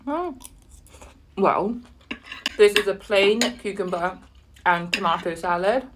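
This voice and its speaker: An animated woman tells a story over her dinner in a mid-range voice. She leaps into high, exasperated outbursts and pauses to savor her food with soft murmurs. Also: background noise. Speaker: vlogger. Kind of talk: casual storytelling while eating.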